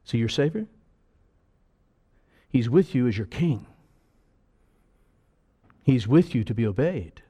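Guy preaching a sermon, voice swings all over, gets loud then goes quiet. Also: expressive, slow pace, pauses often, breathy edge. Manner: fervent, swelling loud on key phrases then dropping low.

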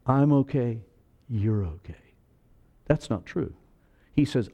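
A man preaching a sermon as pastor, animated and acting out voices, moving between loud and soft. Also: medium pitch, slow pace, long pauses, dull audio.

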